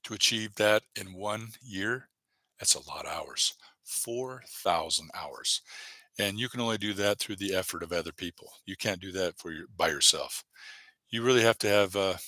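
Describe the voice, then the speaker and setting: A man with a fairly low but bright, forceful voice talks loosely through a livestream, encouraging viewers and reading their chat aloud. The sound is dry and close, with no room around it. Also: steady tone, a little fast, no room sound. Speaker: YouTube livestreamer.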